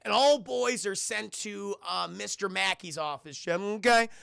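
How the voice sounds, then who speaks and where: A man in his thirties doing a live spoiler film review, talking to his viewers in an animated, profane way. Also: high-pitched, a little slow, vocal fry, smooth, no echo, clean studio sound. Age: 30s. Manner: animated, profane, laughs while retelling.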